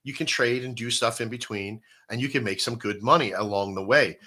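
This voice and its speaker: A man hosting a casual live-stream chat, explaining in an animated way and often asking "right?". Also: medium pitch, fairly quick.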